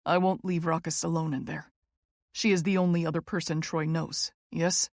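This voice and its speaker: Woman reading a calm older guy, slow and a bit formal, low-ish voice, dry close mic. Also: creaky, no room sound. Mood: calm, protective. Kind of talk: audiobook character voice.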